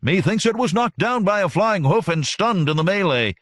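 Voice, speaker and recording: Male reader as wary soldier sergeant, brisk, higher and louder, storybook. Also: animated, no room sound, studio quality.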